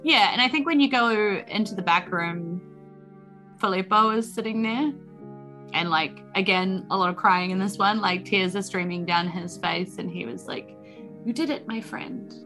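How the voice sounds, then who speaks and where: A woman's voice: medium pitch, normal speed, pushed and bright, soft background music. A woman narrating a tabletop game as game master in casual, filler-heavy talk.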